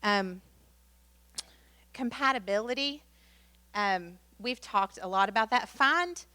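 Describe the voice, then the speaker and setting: A woman's voice: mid-range voice, slow pace, bright, forceful tone, dry recording. Chatty woman giving a workshop. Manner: chatty, many fillers, acts out quotes in story. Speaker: workshop presenter. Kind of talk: training workshop talk.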